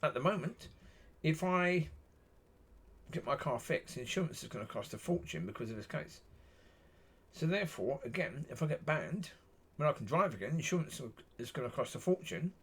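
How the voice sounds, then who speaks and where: A man talking straight to camera in a loose, rambling monologue. His voice is husky, and his pitch swings widely as he circles back over the same points. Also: sing-song, brisk. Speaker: vlogger.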